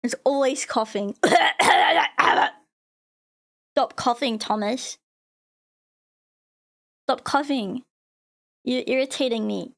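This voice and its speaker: Slow and creaky, with long pauses, an Australian woman's high, bright voice carries her loose live-stream chatter as a VTuber. She wanders between thoughts, leans heavily on "like," and reads messages from chat aloud as she responds.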